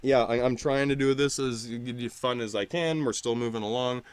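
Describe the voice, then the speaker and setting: A man's voice: medium pitch, normal speed, clear, resonant tone, dry recording. A man leading an improvised space-mission role-play in casual chat, talking loosely with many fillers, restarts and swearing.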